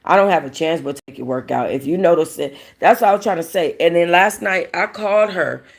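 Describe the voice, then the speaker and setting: A woman's voice: lowish voice, fairly quick, creaky. A woman hosting a casual livestream, talking bluntly to her chat, rambling and swearing freely. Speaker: livestream host.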